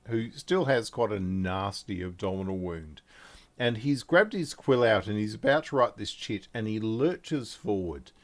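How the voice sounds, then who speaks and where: A man narrating as game master of a tabletop game, in a relaxed, halting way with small fillers and restarts. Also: on the low side.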